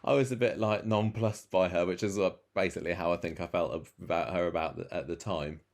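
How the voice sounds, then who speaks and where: This man speaks in a very low-pitched voice during a relaxed podcast conversation. His talk is chatty and easygoing, and he leaps upward when enthused. He sounds like someone reminiscing with a friend. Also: fairly quick, creaky. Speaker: podcast co-host. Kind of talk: casual chat.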